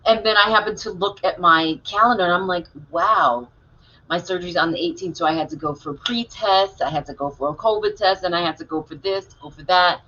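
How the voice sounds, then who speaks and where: A woman co-hosts a live stream in a bright, clear voice, chatty and full of stories. She reads viewer comments out loud. The audio is a little dull and lo-fi. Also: fairly low pitch, quick pace, few pauses, slight background noise. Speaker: co-host of a live online talk show. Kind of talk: casual live-stream chat.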